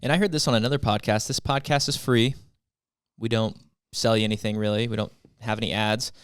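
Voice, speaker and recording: A man co-hosting a real estate podcast, speaking in a relaxed, friendly way. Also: on the low side, a little fast, smooth, no echo, studio quality. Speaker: podcast co-host.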